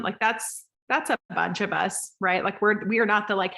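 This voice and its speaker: A woman in her thirties coaching a group call, lively and rambling, acting out voices as she talks. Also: medium pitch, moderate pace, gravelly, few pauses.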